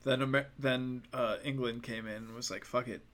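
A man's voice: mid-range voice, fairly even intonation, moderate pace, a bit bright. A young American man giving opinionated, casual commentary in a sarcastic, mocking and profane way. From United States.

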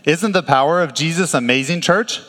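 A male pastor preaching a sermon in a conversational, animated way, with laughs and restarts. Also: a little high, normal speed, long reverb tail.

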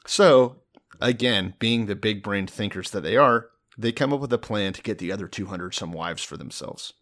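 A man's voice: lowish voice, normal speed, fairly bright tone. A man co-hosting a podcast, chatting casually and sarcastically, sometimes reading passages aloud. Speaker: podcast co-host.

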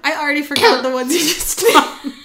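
A woman's voice: sits high, fast talker, pushed and bright. Playful self-deprecating woman, faint hiss. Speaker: podcast co-host. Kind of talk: casual chat.

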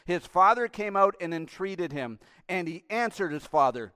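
A male pastor preaching a sermon with passion, swinging between hushed and loud passages. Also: sits high, expressive, moderate pace, few pauses, clear, resonant tone, dry recording, clean studio sound.

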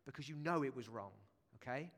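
A man's voice: medium pitch, expressive, brisk, a bit bright. A man preaching a sermon in a church, chatty and jokey, with asides to the congregation. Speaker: pastor. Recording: long church reverb.

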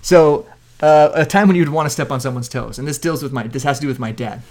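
A man co-hosting a casual chat, telling animated stories and acting out quotes with loud shouts. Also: mid-range voice, quick pace. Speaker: podcast co-host.

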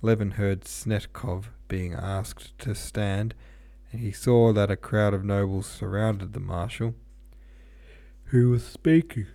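A man's voice: fairly low pitch, steady tone, takes it slowly, vocal fry, mellow, no echo. A man reading a classic novel aloud, unpolished, with small slips and asides. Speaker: audiobook reader.

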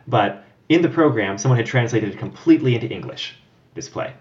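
Relaxed man telling stories, lo-fi. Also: medium pitch, fairly quick. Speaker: podcast co-host. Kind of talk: casual chat. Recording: dull lo-fi audio.

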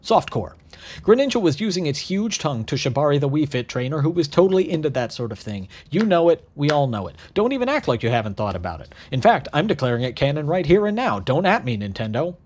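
Man in his thirties, comedic monologue, deadpan, sarcastic asides, slightly high voice. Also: quick pace. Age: 30s.

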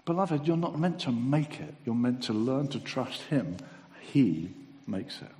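A man's voice: medium pitch, moderate pace. Preaching man in a reverberant hall. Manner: animated, acts out dialogue, altar call. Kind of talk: sermon. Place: church hall.

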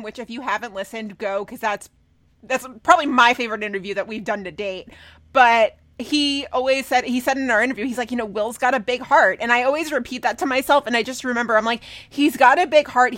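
A woman co-hosting a podcast in casual chat, animated and swearing, mimicking people in mocking voices. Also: a little high, no echo. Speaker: podcast co-host. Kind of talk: casual chat recapping a TV episode.

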